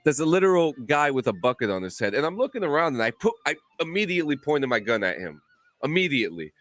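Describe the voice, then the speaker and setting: A man on a podcast telling a long gaming story in a casual, profane, animated way with many restarts. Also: a little high, fast, no room sound. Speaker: podcast co-host.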